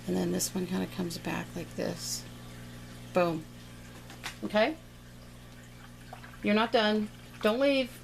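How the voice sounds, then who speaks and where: Chatty, gravelly woman teaching painting. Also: mid-range voice, a little hiss or hum, rough recording. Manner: chatty, playful, adds sound effects while painting. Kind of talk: casual step-by-step painting lesson.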